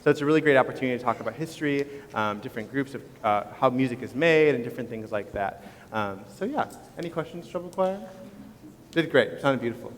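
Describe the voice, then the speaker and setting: A man's voice: medium pitch, fast talker, slight background noise. A man, a choir director, explaining vocal exercises to a concert audience in a casual, teacherly way. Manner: casual, relaxed teacherly talk with fillers. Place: school concert stage. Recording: long hall reverb.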